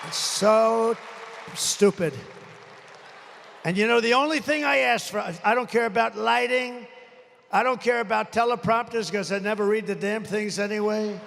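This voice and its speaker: An older man in his seventies rails from a rally podium in a high, gravelly voice, rambling and boastful, ready to pick a fight. His throat sounds strained from shouting. The sound carries a long arena echo over a faint crowd. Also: moderate pace, a little hiss or hum. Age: 70s. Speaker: presidential candidate. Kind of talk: off-the-cuff campaign rally speech. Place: large indoor rally venue. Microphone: podium microphone.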